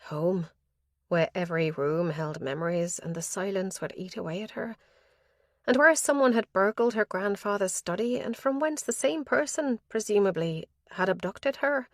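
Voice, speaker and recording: A woman narrating a crime audiobook in a measured, even reading voice on a close microphone. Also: mid-range voice, no room sound. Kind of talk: scripted narration.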